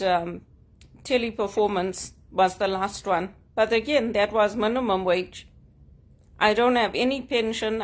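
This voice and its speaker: Frank woman. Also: mid-range voice. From Zimbabwe. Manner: frank, aggrieved, speaks in short emphatic statements. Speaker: vlogger. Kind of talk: personal vlog monologue. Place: at home, sitting on a couch.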